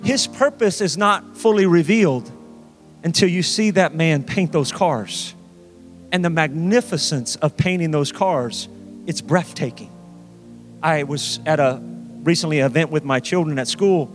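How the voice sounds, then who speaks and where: A pastor delivering a sermon, emphatic and repeating key phrases for weight. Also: male voice, fairly high pitch, unhurried, soft background music.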